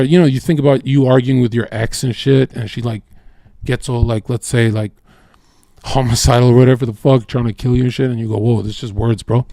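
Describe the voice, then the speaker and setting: Young male streamer, rambling and profane, dry close mic, mid pitch; casual home livestream monologue. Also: darkish tone, no room sound. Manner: profane, rambling, quick bursts.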